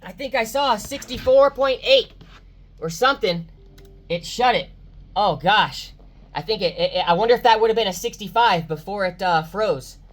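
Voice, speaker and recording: A woman vlogging car audio tests from inside a car, excitable and exclaiming to her viewers as she talks through the results. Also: mid-range voice, moderate pace. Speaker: car audio enthusiast testing subwoofers. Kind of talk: excited vlog commentary.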